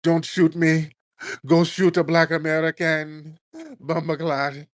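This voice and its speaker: A man's voice: fairly high pitch, slow, dry recording, studio quality, voice pushed up. A man doing a mocking impression of a frightened person with a put-on Jamaican accent, pleading and exaggerated.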